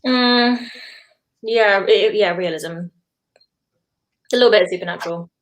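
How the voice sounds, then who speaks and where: A woman's voice: medium pitch, a little slow. A woman guest writer answering briefly in casual chat, with small laughs between her answers.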